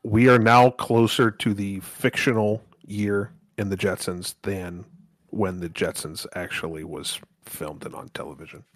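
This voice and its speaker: A man's voice: fairly low pitch, fairly even intonation, a little slow, dry recording. A man co-hosting a podcast, blunt, sardonic and profane in casual banter. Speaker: podcast co-host.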